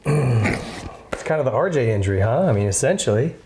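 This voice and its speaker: A man's voice: mid-range voice, animated, moderate pace, background noise. A man hosting a casual interview, laid-back and swearing now and then. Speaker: podcast host.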